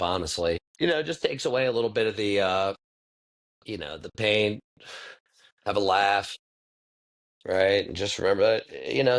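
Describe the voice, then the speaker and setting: Deep-voiced laid-back profane man. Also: a bit bright. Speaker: podcast host. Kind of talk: casual monologue.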